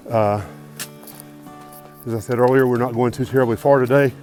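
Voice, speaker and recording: A man's voice: medium pitch, steady tone, normal speed, a little mellow, faint music behind, low-quality recording. A man talking to camera as a thru-hiker vlogger outdoors on a mountain trail, upbeat, grateful and chatty, recorded on a handheld phone. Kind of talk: casual outdoor vlog talk to camera.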